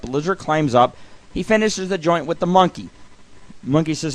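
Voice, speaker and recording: A middle-aged man hosts a radio show with a slightly high, animated voice and a somewhat fast pace. Loose and swearing freely, he tells jokes and reads out comic lists in a casual comedic monologue.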